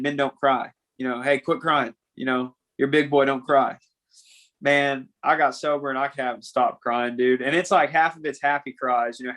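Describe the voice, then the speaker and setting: A young man speaking as a podcast guest in a candid conversation. He talks earnestly, halting and repeating himself, and keeps dropping "man" into his sentences. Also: mid-range voice, a bit bright, poor audio. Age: young adult.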